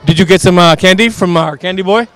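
Cheerful high-voiced man interviewing kids outdoors. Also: fast, fairly bright tone. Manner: cheerful, coaxing, jokey, playing a mock vampire count. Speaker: community TV street interviewer. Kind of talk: casual street interviews with costumed children. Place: outdoors at a street Halloween parade.

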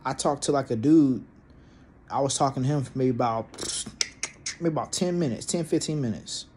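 A man's voice: medium pitch, moderate pace, background noise. A young man telling a personal story in a casual, profane, rambling way, full of restarts and fillers.

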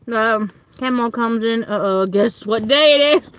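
A young woman with a Southern US accent chatting casually to viewers on a livestream from home, giggling and breaking into high squealing quotes. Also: measured pace, fairly bright tone, clean tone. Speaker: livestream host.

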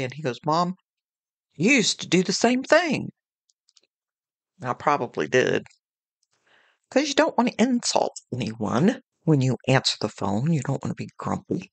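A woman's voice: extremely low pitch, vocal fry, no room sound. A woman hosting a devotional podcast, talking in an earnest, conversational way and weaving in homely anecdotes. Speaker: podcast host.

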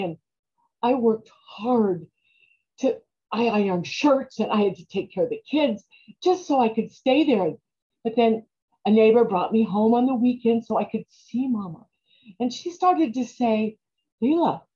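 A woman acts out a grieving mother in a stage monologue, tearful and halting, stumbling over her words. Her voice is fairly high and husky. The recording sounds dull and lo-fi. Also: darkish tone. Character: grieving farm-raised mother, tearful and pleading.

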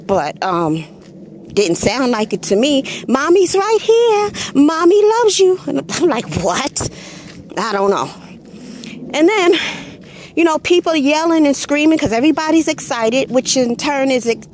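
A woman with a high voice tells a story in loose, casual commentary to her channel. She is blunt and swears freely, and she hammers her points home with a drawn-out "Hello.". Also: animated, slight background noise. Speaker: channel host.

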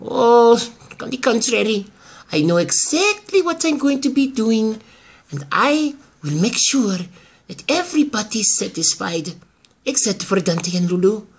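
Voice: medium pitch, very animated, measured pace, husky, heavily acted. A performer voicing a scheming older woman who is obsessed with her daughter and grandson, in amateur soap-opera acting. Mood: gloating. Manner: haughty, gloating, pleading in turns.

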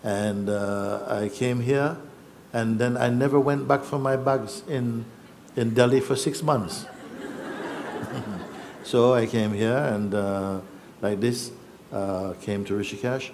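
A man telling a personal story in a reflective, halting way, acting out what others said. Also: medium pitch, fairly even intonation, a little mellow, a little hiss or hum. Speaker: spiritual teacher.

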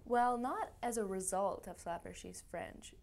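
A woman's voice: medium pitch, measured pace, vocal fry, darkish tone. A young woman from Canada, an actress being interviewed, chatty, laughing often and trailing off into fillers. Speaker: actress guest. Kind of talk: casual interview.

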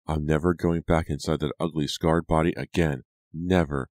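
Man doing a cruel, sneering teen villainess for an audiobook; deep, dry voice. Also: steady tone, normal speed, a little mellow, no echo. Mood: menacing. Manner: fierce whispering and sneering. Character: cruel body-stealing teenage girl, sneering and possessive.

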